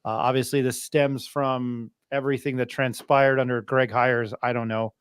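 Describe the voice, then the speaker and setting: A man's voice: mid-range voice, level tone, moderate pace, clean tone, no room sound, clean studio sound. A man hosting a sports talk show in a casual, joking, self-deprecating way. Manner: joking, self-deprecating, laughs between lines. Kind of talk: casual chat.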